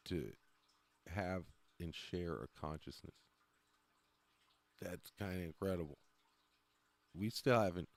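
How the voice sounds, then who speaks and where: A man's voice: mid-range voice, darkish tone, no echo. A man talking casually on a livestream, rambling, often trailing off and laughing between thoughts. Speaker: livestream host.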